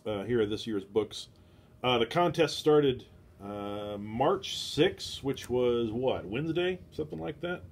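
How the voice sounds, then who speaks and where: A man's voice: mid-range voice, lively intonation, unhurried. A man hosts a casual book club livestream from his home, speaking into his phone. He meanders between topics with self-deprecating asides. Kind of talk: rambling casual livestream talk. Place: home, talking to a phone camera.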